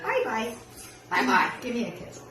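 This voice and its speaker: A woman's voice: on the high side, huge pitch swings, normal speed, over loud music. A woman coaxing her pet parrot to talk, with sing-song praise and frequent laughter. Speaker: parrot owner. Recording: echoey room, far from mic, loud noise.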